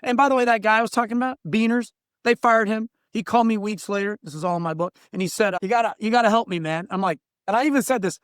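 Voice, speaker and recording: A man's voice: sits high, fast, fairly bright tone, clear, resonant tone, no room sound, studio quality. A middle-aged man, a workplace coach, telling blunt stories in a podcast interview and acting out the people he quotes. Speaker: diversity trainer and workplace coach. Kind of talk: animated storytelling in a podcast interview.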